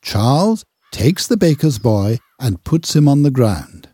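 A man narrating a simple children's reader slowly and carefully. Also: medium pitch, sing-song, dark tone, slight background noise. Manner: slow, clear, careful reading. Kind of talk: graded reader audiobook narration.

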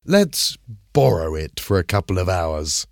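A man's voice: low voice, big pitch swings, measured pace, creaky, no echo, clean studio sound, heavily acted. A man voicing a resourceful teenage schoolboy who speaks with earnest urgency.

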